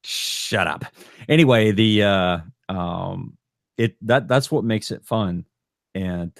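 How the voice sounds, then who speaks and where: A man's voice: on the low side, no echo, clean studio sound. A man co-hosting a podcast, chatting casually and bluntly, rambling with lots of stumbling restarts. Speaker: podcast co-host.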